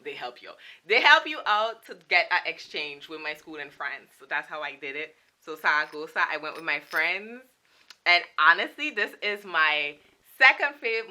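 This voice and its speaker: Chatty young woman with a bright voice. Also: medium pitch. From Saint Martin. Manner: chatty, playful, laughing asides. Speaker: vlogger showing a souvenir collection. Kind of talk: casual chat.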